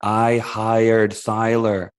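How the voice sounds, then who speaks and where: A man's voice: fairly low pitch, monotone, very slow, clean tone. A comedy podcast host doing an improv scene as a grumpy, blunt father.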